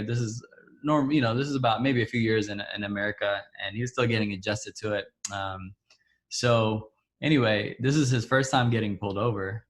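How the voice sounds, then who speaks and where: A man telling a story from his own life in a relaxed way. His speech is loose and halting, and he often stops to fill gaps or start over. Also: lowish voice. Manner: hesitant, full of fillers and restarts. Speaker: church guest speaker. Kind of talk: personal storytelling.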